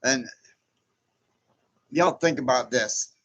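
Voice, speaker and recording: A man in his sixties hosts a casual livestream, reading out viewer comments and chatting back. His voice sits at an ordinary middle pitch, and he talks in a loose, rambling way, chuckling often along the way. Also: slow pace, a bit bright. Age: 60s. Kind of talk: casual live chat.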